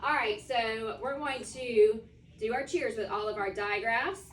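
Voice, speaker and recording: A woman teacher leads a phonics lesson with call-and-response questions, stretching sounds out slowly as she models them. Her fairly high voice comes from across an echoey classroom, heard from some distance. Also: a little hiss or hum. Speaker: first grade teacher.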